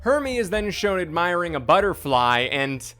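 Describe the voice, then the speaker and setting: A man's voice: high-pitched, big pitch swings, normal speed, loud music behind the voice. A young man hosting a sarcastic comedy commentary, casual and self-mocking. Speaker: commentary host.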